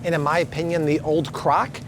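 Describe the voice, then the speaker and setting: A man's voice: on the high side, level tone, brisk, background noise. Upbeat man touring grocery aisles. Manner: upbeat, emphatic price comparisons. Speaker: grocery vlogger. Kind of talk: store walkthrough vlog. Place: supermarket aisles.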